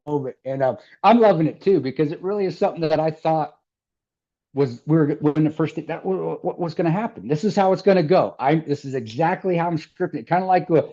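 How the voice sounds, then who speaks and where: A man's voice: fairly high pitch, warm tone, lo-fi sound. A middle-aged man from the American Midwest, telling a story as an interview guest, rambling with restarts and laughter. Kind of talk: casual storytelling.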